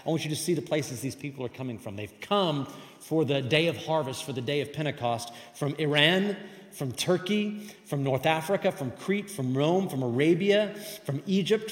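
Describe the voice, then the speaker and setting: A man giving a sermon as pastor, emphatic and conversational. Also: a little high. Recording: echoey hall with long reverb.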